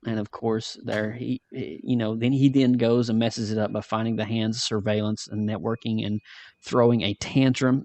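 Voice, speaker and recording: A man's voice: fairly low pitch, moderate pace, dry recording. Man hosting a podcast, dry sound. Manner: animated, ranting with restarts. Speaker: podcast host. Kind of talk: casual review chat.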